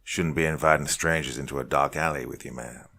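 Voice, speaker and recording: A man's voice: very deep voice, fairly even intonation, brisk, gravelly, bright, forceful tone, pitched below the performer's own voice, exaggerated voice. A man voicing a menacing male monster with a heavy American country accent, drawling with a malicious edge.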